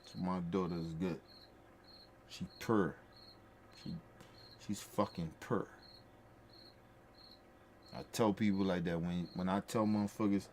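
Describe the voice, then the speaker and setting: A man's voice: deep voice, gravelly, slight background noise. A man talking in a casual, emphatic way, repeating his points with heartfelt, profane conviction as a podcast host. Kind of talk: casual storytelling chat.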